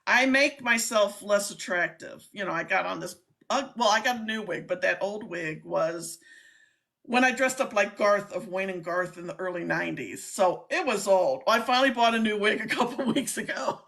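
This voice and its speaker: A middle-aged woman hosting a casual live-stream chat, talking in an excitable, chatty way. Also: mid-range voice, moderate pace, gravelly. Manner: chatty, excitable, laughs often. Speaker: host, scam baiter.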